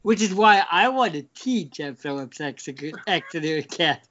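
A man's voice: on the high side, lively intonation, a bit bright. A man chatting casually with a wry, joking manner. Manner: slow, wry, laughs often. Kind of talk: casual chat. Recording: dull lo-fi recording.

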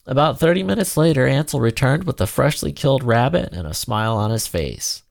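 A man narrating a children's storybook in an expressive, animated reading. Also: mid-range voice, fairly quick, gravelly, few pauses, dry recording, studio quality.

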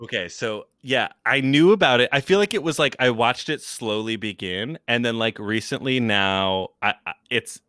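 Young adult male guest, chatty and rambling, mid pitch, dry mic. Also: moderate pace, hardly any pauses, clear, resonant tone, dry recording. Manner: rambling, filler-heavy, animated impressions. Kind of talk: casual chat.

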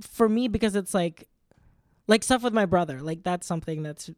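A woman in a casual chat, speaking thoughtfully and softly with many fillers. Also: on the low side, normal speed, no echo, studio quality.

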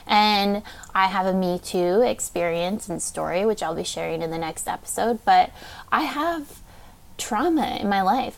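A woman's voice: mid-range voice, vocal fry, darkish tone. A young woman hosting a podcast, telling a personal story in a casual, candid way. She says "like" often, swears freely and speaks with open emotion. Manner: casual, heavy use of "like", frequent swearing; candid and heartfelt, openly emotional. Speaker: podcast host.

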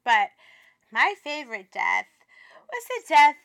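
A woman co-hosting a podcast in casual chat, profane and animated. Her voice sits high and sounds bright. She swings between loud outbursts and quieter asides. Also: slow pace. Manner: profane, animated, laughing, dramatic. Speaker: podcast co-host.

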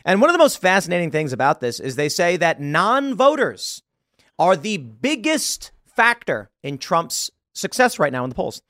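A man hosting a political commentary show, talking in an animated, rambling monologue full of fillers. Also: high voice, no echo, clean studio sound. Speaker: show host.

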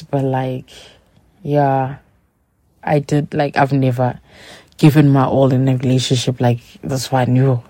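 A woman with a low, mellow voice tells a personal story in a relaxed, candid monologue. She speaks straight to her listeners. The sound is dry and close. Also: dry recording. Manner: candid, chatty, acts out quoted dialogue; addresses listeners directly. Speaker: podcast host.

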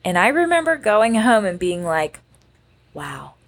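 A woman in her twenties co-hosting a podcast, chatting in an animated, exclamatory and self-mocking way. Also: medium pitch, moderate pace. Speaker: podcast co-host. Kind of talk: casual chat.

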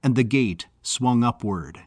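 A man narrating an audiobook in a measured, even reading style. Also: medium pitch, breathy edge, no echo.

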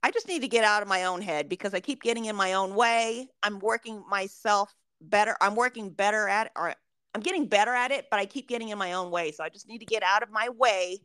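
A woman co-hosting a podcast in casual chat, reflective and often trailing off softly. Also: mid-range voice, brisk, smooth, no echo. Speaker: podcast co-host.

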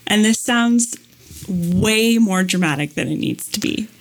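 A woman with a medium-pitched voice talks slowly while guesting on a podcast. She relates a long story in an animated, casual way, sprinkling in plenty of "like" and "um."

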